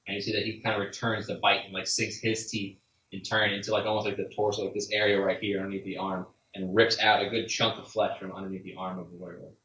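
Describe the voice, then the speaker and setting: Here a game master narrates in a low, flat, fairly bright voice at a quick pace, rambling casually with many "like"s. The audio sounds dull, recorded at a distance in an echoey room.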